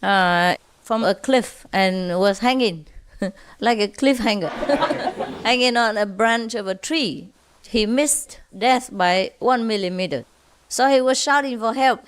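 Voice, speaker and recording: A woman's voice: fairly high pitch, takes it slowly, clear, resonant tone. A woman spiritual teacher telling humorous stories to a group, playful and often laughing. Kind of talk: humorous storytelling lecture.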